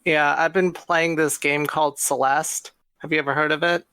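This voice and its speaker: A man's voice: on the high side, flat delivery, moderate pace, sharp tone, smooth, no room sound. A man co-hosting a podcast, chatting casually and enthusiastically about games. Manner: enthusiastic, talks through game details. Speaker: podcast co-host. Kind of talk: casual chat.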